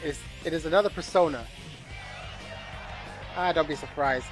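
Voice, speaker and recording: Man, gameplay narration, bored deliberate reading, small slips, soft game music. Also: a little high. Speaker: gameplay commentator reading game text aloud. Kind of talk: reading a game's narration aloud with asides.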